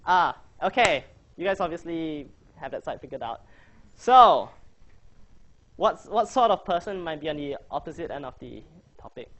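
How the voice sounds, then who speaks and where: A man's voice: fairly high pitch, big pitch swings, normal speed, fairly bright tone. A man coaching a debating workshop, chatty and joking as he quizzes his audience. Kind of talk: casual workshop presentation.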